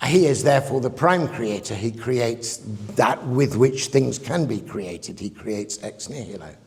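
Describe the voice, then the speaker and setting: A guest lecturer gives a public lecture in a conference hall, recorded with the long reverb of a lecture room. His mid-range, darkish voice has lively intonation and an unhurried pace, and he's reflective and digressive, often chuckling at his own points.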